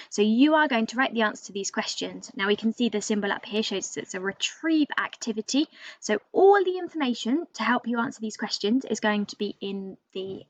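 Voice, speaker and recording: A woman primary school teacher giving a recorded reading lesson, explaining step by step in a gentle way. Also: mid-range voice, dry recording. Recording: dull lo-fi dry recording.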